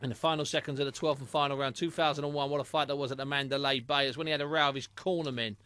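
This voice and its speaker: Bright-voiced male boxing podcast host. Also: mid-range voice, fairly even intonation, very fast, clear, resonant tone, no echo. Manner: chatty, reads out listener answers. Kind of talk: casual boxing chat.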